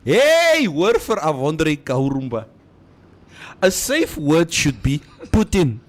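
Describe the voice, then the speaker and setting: A man in his fifties co-hosts a radio show from the studio. His slightly high voice swings widely in pitch, and he talks at an unhurried pace. He laughs often and mixes English with Afrikaans. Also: big pitch swings. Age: over 50. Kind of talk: casual studio banter, reading listener comments.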